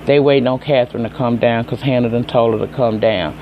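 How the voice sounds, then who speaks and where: Southern man, episode recapper, talks straight to the viewers, blunt and cussing, middle pitch. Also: fairly even intonation, a little fast, narrow, tinny audio, slight background noise. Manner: chatty, profane and emphatic, talks straight to viewers. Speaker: TV episode reviewer. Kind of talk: casual recap and commentary.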